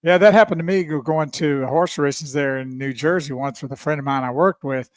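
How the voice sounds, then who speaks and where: A man co-hosting a radio show, easygoing and quick to laugh. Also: on the high side, no echo, studio quality. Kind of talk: casual radio chat.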